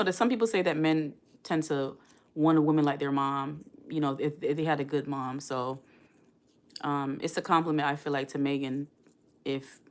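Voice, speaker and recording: A woman around forty hosting a casual live stream, chatting and reading viewer comments aloud. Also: low voice. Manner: chatty, addresses the chat directly, reads comments aloud.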